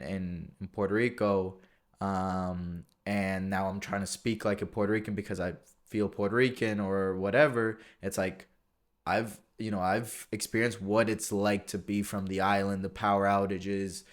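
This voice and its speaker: A man from the USA hosting a solo podcast, talking casually and thoughtfully, often restarting his sentences. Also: fairly low pitch. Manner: reflective, rambling with frequent restarts. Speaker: podcast host. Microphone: podcast mic.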